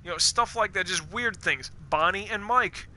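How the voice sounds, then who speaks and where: Bright-voiced ranting male game streamer. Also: high voice, moderate pace, slight background noise. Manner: rambling, profane, animated rants. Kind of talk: live game commentary.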